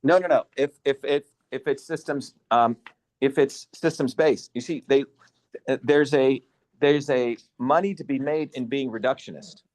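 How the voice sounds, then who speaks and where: A man hosting an online symposium, lecturing forcefully and bluntly over a video call, swearing for emphasis. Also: mid-range voice, moderate pace, no echo. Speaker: symposium host and educator.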